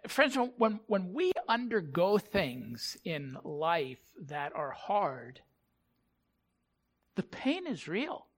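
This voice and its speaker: A male pastor giving a sermon, telling a story in a halting way and repeating words. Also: high voice, very animated.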